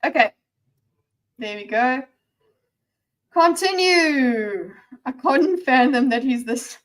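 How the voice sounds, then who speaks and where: A woman's voice: high-pitched, unhurried. Chatty woman reacting to a video. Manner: chatty and animated, stammers and restarts, sometimes drops to a near-whisper. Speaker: commentator reacting to a discussion video. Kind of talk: casual reaction commentary.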